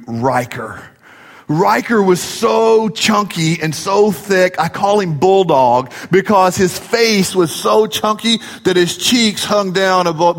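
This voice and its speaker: A middle-aged man preaches with a high, light voice, mixing jokes and family stories into his sermon. His words ring out with a long hall reverb around them. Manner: jokey, storytelling preacher. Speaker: pastor.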